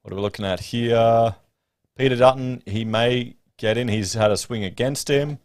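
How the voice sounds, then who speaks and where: An Australian man hosts a casual livestream, chatting and rambling to his viewers in a mid-range voice at normal speed. He's on a podcast studio mic, and the sound is dry and close-miked.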